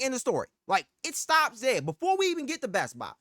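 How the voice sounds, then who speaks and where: A woman's voice: sits high, huge pitch swings, normal speed, few pauses, bright, forceful tone, dry recording, studio quality. A woman telling a heated, profane story about a bad purchase, in casual storytime style. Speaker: streamer telling a personal story.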